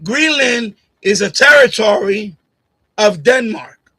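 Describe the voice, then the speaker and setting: A man's voice: high voice, expressive, slow, pushed and bright, slightly rough, rough recording. A man hosting a live stream, chatting casually and bluntly with his chat, repeating himself and laughing at comments. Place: home streaming setup. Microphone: USB condenser mic on boom arm.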